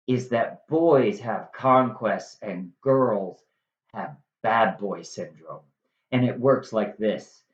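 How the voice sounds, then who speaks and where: A woman giving a chatty, sarcastic comic summary of a classic play, like a teacher at a whiteboard. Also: very deep voice. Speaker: teacher-style storyteller. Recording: echoey room, slightly dull.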